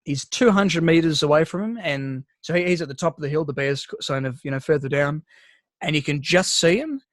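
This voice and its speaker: A man's voice: on the high side, fairly quick, a bit bright, dry recording, clean studio sound. A man chatting casually on a podcast, telling stories with lots of swearing and restarts. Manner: rambling storyteller, heavy swearing, many restarts. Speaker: podcast co-host. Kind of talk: casual chat.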